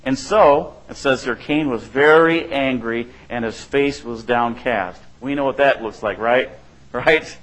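A middle-aged male pastor delivers a sermon in a loose, conversational style, often checking in with the room and acting out quotes. His mid-range voice is a bit bright and moves at a measured pace, though the audio quality is poor.

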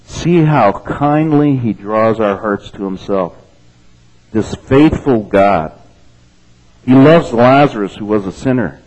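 A man with a fairly low voice delivers a sermon, reading scripture aloud and commenting on it. He talks to the congregation in a relaxed, conversational way and keeps checking in with "okay?" and "amen?". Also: slow, a little hiss or hum, poor audio. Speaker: pastor.

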